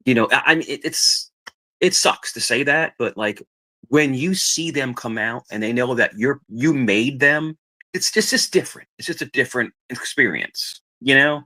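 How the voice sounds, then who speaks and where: A man's voice: medium pitch, moderate pace, bright, forceful tone. A middle-aged man in casual chat, rambling and repeating himself as he tells family stories. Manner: rambling, repeats himself, acts out quoted voices. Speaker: podcast guest telling family stories.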